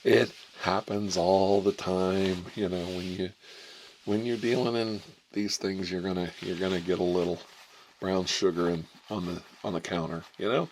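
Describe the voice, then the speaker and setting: A man's voice: deep voice, steady tone, moderate pace, darkish tone, slight background noise. A man from Ohio hosting a comedic ASMR role-play as an examining doctor. He is a rambling, irreverent storyteller who keeps digressing and laughing at his own jokes. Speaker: channel host playing an examining doctor. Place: indoors, smoking a cigarette.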